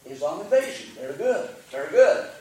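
A man preaching a sermon as pastor, fervent and call-and-response, rising to shouts. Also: on the high side, sing-song, fairly quick. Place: church sanctuary. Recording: very echoey church, mic at a distance.

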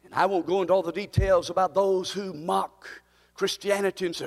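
Male preacher, fervent pulpit delivery, high voice, long hall reverb. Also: fairly even intonation, fairly quick. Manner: impassioned preaching that climbs to near-shouting peaks. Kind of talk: sermon.

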